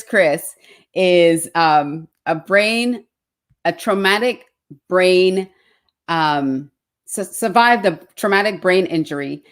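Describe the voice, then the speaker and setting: A woman's voice: lowish voice, slow pace. A woman hosting an online interview show, effusive and fumbling over her words, with many fillers. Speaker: show host.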